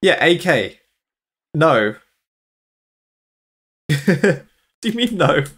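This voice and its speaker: A man's voice: fairly high pitch, very animated, drawn-out words, fairly bright tone, slightly rough. A young British man from the UK, chatting casually with his viewers while he plays a game, laughing often and answering their comments. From United Kingdom. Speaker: streamer. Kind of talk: casual chat while gaming.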